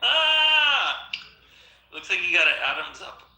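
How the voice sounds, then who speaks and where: A man's voice: medium pitch, animated, fast, vocal fry, bright, forceful tone, echoey room, poor audio. A man in a casual online chat, teasing and joking. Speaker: participant in an online audio room.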